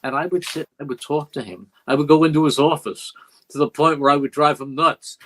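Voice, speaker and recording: A man's voice: on the high side, a little fast, a bit bright, rough recording. An older man, a veteran radio play-by-play broadcaster, telling stories earnestly in an interview and acting out quoted dialogue. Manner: earnest, reflective storyteller who acts out quoted dialogue. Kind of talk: interview storytelling.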